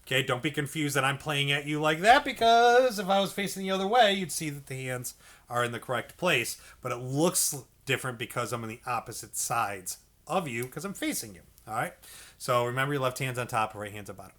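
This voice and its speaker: A man's voice: medium pitch, animated, fairly quick, a bit bright. A man teaching a beginner clarinet lesson, patient and encouraging, checking in with "okay" and "all right" and singing note syllables to demonstrate. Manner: sings syllables to demonstrate notes. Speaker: music teacher. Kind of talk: instructional video lesson.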